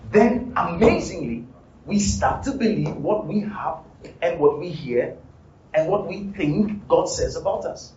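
Man, pastor: high-pitched, repetitive sermon that swells into shouting; dull, distant live recording in a reverberant hall. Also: animated, a little slow, slight background noise. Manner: repetitive preaching that builds to shouting. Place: church hall. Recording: roomy, distant, dull live church sound. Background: music and congregation.

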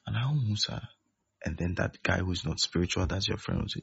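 A man's voice: low voice, animated, brisk, vocal fry, breathy edge. A man preaching a sermon, emphatic and repeating his key phrases. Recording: dull lo-fi recording.

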